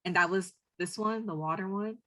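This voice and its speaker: A woman's voice: medium pitch, normal speed, pushed and bright. A woman presenting her team's story to an online class, giggling and a little sheepish. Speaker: workshop participant. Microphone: video call.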